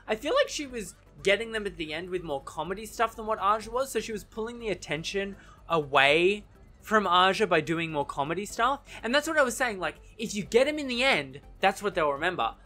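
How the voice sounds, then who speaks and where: A man casually giving his opinions in a TV recap vlog, chatty and animated, often correcting himself mid-sentence and laughing easily. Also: sits high, a little fast, faint music behind. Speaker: TV recap vlogger.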